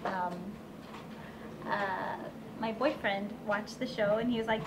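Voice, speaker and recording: A woman voice actress chatting in a casual convention interview, bubbly and quick to laugh. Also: medium pitch, fairly even intonation, noisy background. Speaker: voice actress guest.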